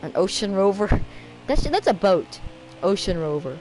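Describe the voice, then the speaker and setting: Woman, gaming commentary, rambling, jokey, excitable, mid pitch. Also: unhurried, soft background music, low-quality recording. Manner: excitable, rambling, self-mocking, sudden outbursts. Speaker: gaming video creator. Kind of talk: rambling let's-play commentary.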